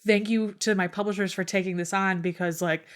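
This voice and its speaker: Brief: young woman podcast co-host, mid pitch, casual and giggly, peppers talk with "like" and curse words. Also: fairly even intonation, brisk. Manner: chatty, laughing, frequent "like" and swearing. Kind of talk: casual book chat.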